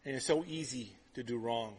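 A middle-aged pastor preaching a sermon, telling stories in an animated, conversational way with quick repeated restarts. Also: male voice, medium pitch, slightly rough. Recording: long hall reverb.

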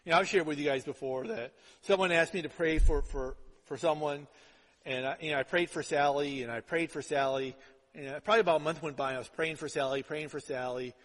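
A man's voice: fairly high pitch, fairly quick, fairly bright tone. A man preaching a sermon as pastor, chatty and informal, often asking the congregation "right?" to check they follow. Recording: long hall reverb.

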